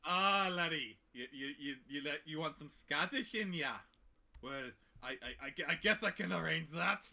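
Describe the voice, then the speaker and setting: Brief: man doing a loud, hammy fake Irish-Scottish brogue, very bright tone, played badly on purpose. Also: on the high side, moderate pace, gravelly, full character voice. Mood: teasing. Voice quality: bad mixed accent, loud and hammy. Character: exaggerated jokey Irish-Scottish man, boastful.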